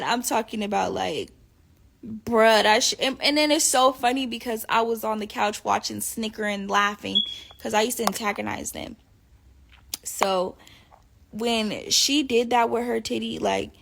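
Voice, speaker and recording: A woman casually telling a profane, animated story to her viewers, laughing often. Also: on the high side, creaky. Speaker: live streamer talking to viewers.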